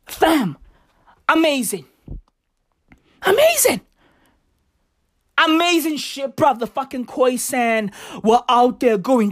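High, lively profane woman ranting. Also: extremely slow, pauses often. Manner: profane, slangy, emphatic, swings between shouting and hushed asides. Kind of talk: stand-up style comic rant.

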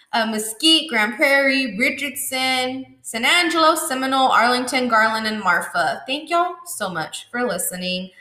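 A woman's voice: sits high, expressive, measured pace, bright, forceful tone. A young woman, chatting on her solo podcast at home, bubbly and rambling, full of ums and likes. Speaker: podcast host. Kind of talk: casual solo podcast chat. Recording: roomy echo.

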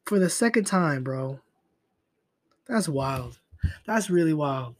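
A man's voice: fairly high pitch, expressive, slow, long pauses. A young man hosting a solo podcast, talking in a profane, rambling way and trailing off into mutters. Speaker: podcast host. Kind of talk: casual solo podcast rant.

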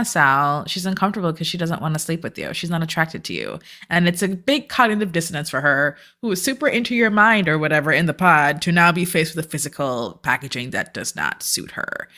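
A woman co-hosts a casual podcast recap, talking bluntly and sarcastically. Her voice sits a little low but swings through a wide, animated range. It has a bright, forceful edge. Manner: blunt, sarcastic, swears freely. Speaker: podcast co-host. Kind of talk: casual reality-TV recap chat.

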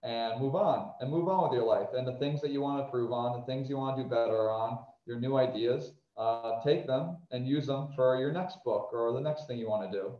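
A man from New Jersey, an author guesting on a podcast, talking casually in a smooth voice with a rambling, reflective manner and many restarts. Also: mid-range voice, a little fast, hardly any pauses, reverberant, lo-fi sound. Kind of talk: casual conversation.

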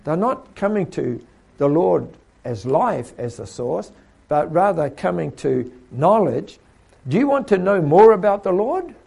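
A man preaches to trainees in a mellow, husky voice with plenty of gravel in it. His pitch sits a little high and swings widely as he asks question after question. Now and then he mimics other people mid-sermon. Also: very animated, measured pace.

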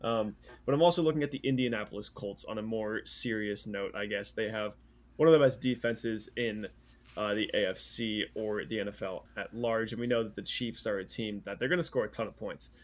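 A man's voice: lowish voice, brisk. A man co-hosting a sports podcast, talking casually with many fillers and restarts. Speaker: podcast co-host.

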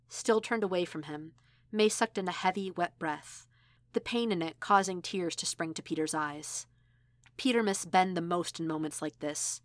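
A woman narrating an audiobook reading in a measured, even storytelling manner. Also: lowish voice, no room sound, clean studio sound. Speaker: audiobook reader. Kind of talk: audiobook narration of fan fiction.

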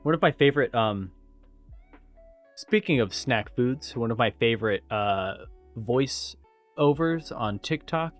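A man's voice: mid-range voice, expressive, measured pace, soft background music. A man in casual podcast chat, laid-back and joking, swearing freely as he tells stories.

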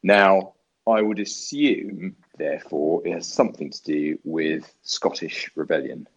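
A man chatting on a podcast, joking around and reeling off deadpan history facts. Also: low voice, a little slow, slightly rough, muffled recording. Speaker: podcast co-host. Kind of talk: casual chat.

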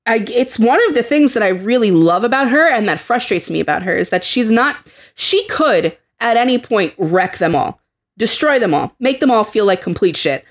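A woman's voice: on the high side, animated, normal speed. A young woman co-hosting a casual podcast chat, heated and swearing freely as she acts out quotes. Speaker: podcast co-host.

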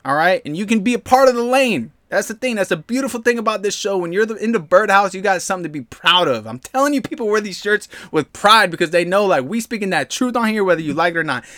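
A man's voice: high voice, lively intonation, quick pace, hardly any pauses, pushed and bright, dry recording, studio quality. A man hosting a podcast alone, ranting bluntly and heatedly in casual slang and talking straight to his listeners. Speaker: podcast host.

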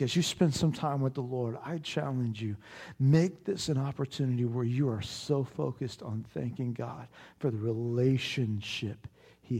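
A man preaching a sermon, telling a personal story with animated swings in volume and then dropping to a hushed, prayerful tone. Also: mid-range voice, husky. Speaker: pastor.

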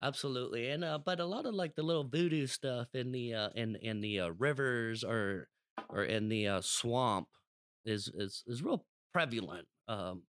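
A man in relaxed conversation, searching for words and hedging with frequent fillers. His voice sits at an ordinary pitch, and it sounds close and dry with no room echo. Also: normal speed. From Florida. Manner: hesitant, hedging, with many fillers. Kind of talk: casual chat.

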